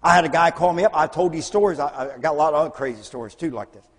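A man preaching, telling lively stories and acting out the voices of the people in them. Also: a little high, rapid-fire, husky. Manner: animated storyteller, acts out voices in quotes. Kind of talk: storytelling sermon. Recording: long hall reverb.

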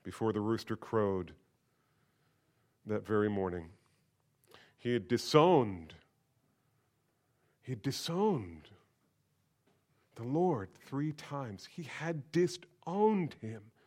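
Animated male preacher. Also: mid-range voice, slow pace, long pauses. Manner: animated, conversational preaching with rhetorical questions. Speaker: senior pastor. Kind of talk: sermon.

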